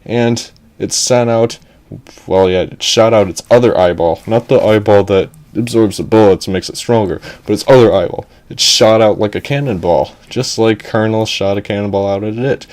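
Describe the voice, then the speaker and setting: A man telling an improvised story in a rambling, excitable way, often chuckling. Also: on the low side.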